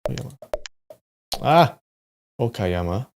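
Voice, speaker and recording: A man's voice: mid-range voice, expressive, slow, gravelly, faint music behind. A man streaming live, muttering place names to himself as he plays a map quiz, with sudden frustrated outbursts and the odd swear. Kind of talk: casual live-stream commentary while playing a map quiz.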